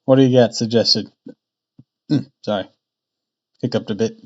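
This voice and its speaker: A man streaming live, chatting casually and thinking out loud between frequent laughs. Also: mid-range voice, steady tone, normal speed. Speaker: streamer reading a novel aloud. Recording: dull lo-fi stream mic.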